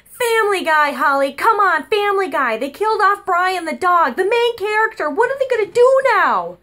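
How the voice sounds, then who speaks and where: A woman voicing her feisty, outspoken old grandmother, loud and exclaiming. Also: extremely high pitch, lively intonation, moderate pace, pitched above the performer's own voice. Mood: upset.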